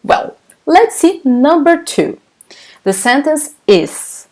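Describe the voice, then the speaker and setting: A woman's voice: high-pitched, big pitch swings, takes it slowly, darkish tone. A Brazilian woman with a Brazilian Portuguese accent, a native Portuguese speaker teaching a live online language lesson, encouraging her students and often laughing as she reads out their comments.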